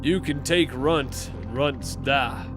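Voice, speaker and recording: A man voicing a steady ship captain in a video game, speaking in a calm, commanding way. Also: mid-range voice, takes it slowly, over music, lightly acted.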